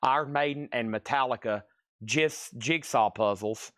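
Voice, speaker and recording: A man hosting a live-streamed record sale, listing items at a rapid clip and slipping into playful sales pitches. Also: fairly bright tone, dry recording, clean studio sound. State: out of breath. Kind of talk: live-stream auction patter.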